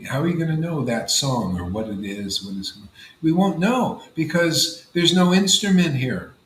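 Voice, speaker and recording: A man speaks at a devotional gathering in a loose, animated way, tossing in "man" and "you know" as he goes. His voice sits a bit high for a man. The room is echoey, with a faint hiss of background noise. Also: moderate pace. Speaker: spiritual teacher. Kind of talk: informal devotional talk.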